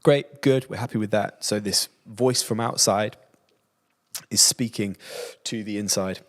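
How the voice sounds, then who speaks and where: A man's voice: fairly low pitch, steady tone, measured pace. A man co-hosting a casual Bible discussion podcast, explaining the text and acting out the prophet's lines in a raised voice. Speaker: podcast co-host. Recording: roomy reverb.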